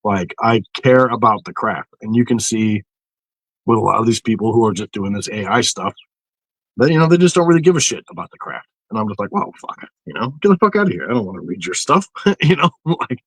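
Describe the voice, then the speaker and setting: A man's voice: lowish voice, a little fast, husky, dry recording, rough recording. A man in casual podcast chat, swearing freely and acting out voices as he tells stories. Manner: profane, animated storytelling with mocking inner voices.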